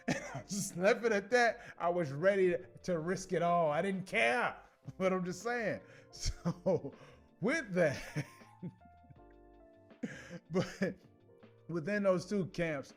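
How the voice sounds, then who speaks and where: A man hosting a casual commentary show, telling stories in an animated way with slang and frequent laughs. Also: sits high, moderate pace, soft background music. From Chicago. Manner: animated, laughs often, many restarts and slang.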